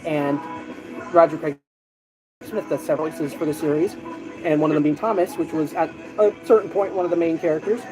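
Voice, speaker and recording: A man's voice: on the high side, brisk, rough recording. Chatty man telling stories over music. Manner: animated storytelling with many fillers and restarts. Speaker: streamer. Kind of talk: casual chat.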